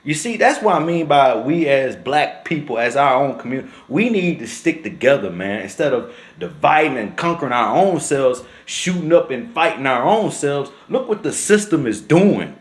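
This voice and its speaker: A young man, talking to camera in casual, emotional commentary. He is upset and indignant and says "man" again and again. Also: big pitch swings. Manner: drawn-out and low when shaken, rises sharply when angry. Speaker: vlogger.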